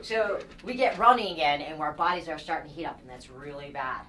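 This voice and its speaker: A woman telling a long personal story to a group in a casual, animated way, laughing often as she goes. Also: low voice, brisk, a little hiss or hum.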